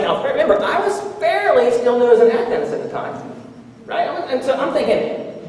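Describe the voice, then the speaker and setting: A man preaching a sermon as a story, animated and chuckling as he talks, acting out the voices of the people in it. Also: very high-pitched, normal speed. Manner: animated, acts out quoted voices, chuckles while talking. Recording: echoey hall, from a distance.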